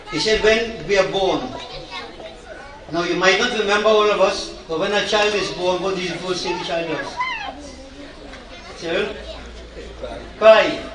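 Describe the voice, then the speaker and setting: A man giving a conversational funeral sermon as a Hindu priest, asking the crowd questions as he preaches. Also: high-pitched. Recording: echoey distant livestream sound.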